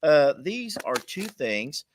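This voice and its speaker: A man's voice: on the high side, big pitch swings, takes it slowly, background noise. A man, chatting casually as co-host while opening fan mail, playful and mock-exasperated. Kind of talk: casual chat.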